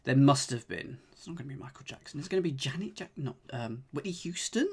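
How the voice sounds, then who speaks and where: A man's voice: mid-range voice, lively intonation, fast talker, breathy edge. Chatty man solving puzzles live. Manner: chatty, jokey, thinks aloud, talks to chat. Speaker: streamer solving cryptic crosswords with live chat. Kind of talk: casual live-stream chat.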